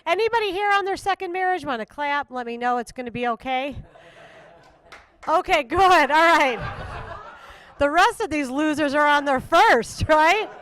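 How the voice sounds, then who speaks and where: Woman, stand-up comedian, high voice, dry sardonic delivery. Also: expressive, normal speed, a bit bright. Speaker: headliner comedian. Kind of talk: stand-up set. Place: comedy stage.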